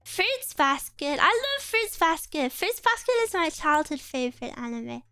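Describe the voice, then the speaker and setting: High-voiced playful woman streamer. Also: sing-song, a little slow, sharp tone, dry recording, studio quality, faint music behind. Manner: playful and giggly, with cutesy exclamations. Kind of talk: casual livestream chat reading viewer comments.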